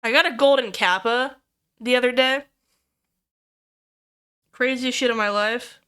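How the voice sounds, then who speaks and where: Young woman streamer, casual chat with viewers, excitable and sweary, high voice, bright clear tone. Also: measured pace. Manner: excitable, swears freely, squeals over cute things.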